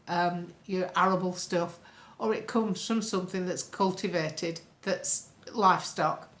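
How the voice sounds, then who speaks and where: A woman's voice: medium pitch, fairly bright tone. An older woman from the UK giving a casual, rambling political monologue to her followers, laughing often between points. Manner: chatty, laughing, rambling asides. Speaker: political commentator. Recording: echoey room.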